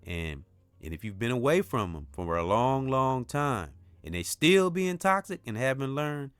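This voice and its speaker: A man's voice: medium pitch, sing-song, measured pace, a bit bright, clear, resonant tone, no echo. A middle-aged man hosting a podcast, giving an earnest, rambling motivational monologue that keeps returning to "you know" and "brothers and sisters". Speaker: podcast host. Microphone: off-mic at the start.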